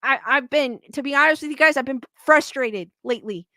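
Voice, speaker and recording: A woman hosting a paranormal YouTube livestream chats casually with viewers, reading their comments and rambling candidly as she vents her frustration. Her high voice is bright and forceful, fairly quick, with no room sound.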